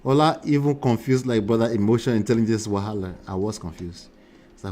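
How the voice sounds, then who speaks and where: A man's voice: mid-range voice, lively intonation, fast talker, warm tone, soft background music. A man hosting a live reaction show, talking animatedly to his chat, often mocking and laughing.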